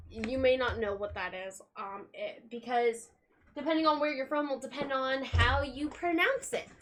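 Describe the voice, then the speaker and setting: A young woman streamer chatting casually and rambling while packing at home, swearing offhandedly. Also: on the high side. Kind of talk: casual live-stream chat. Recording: steady background noise.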